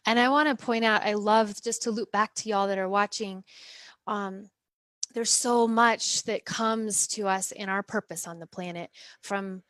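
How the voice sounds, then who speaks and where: A woman hosting a relaxed interview, speaking earnestly and pausing to find her words. Her voice sits at an ordinary middle pitch. The recording is dry, with no room echo. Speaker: interview host. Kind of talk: conversational interview.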